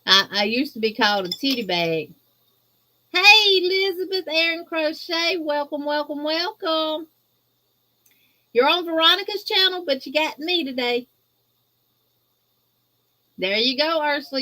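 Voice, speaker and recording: A woman from Louisiana with a Southern accent, guest-hosting a crochet livestream and chatting casually with viewers, greeting them in a folksy, drawn-out way. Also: a little high, pushed and bright. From Louisiana, USA. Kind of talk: casual livestream chat reading viewer comments.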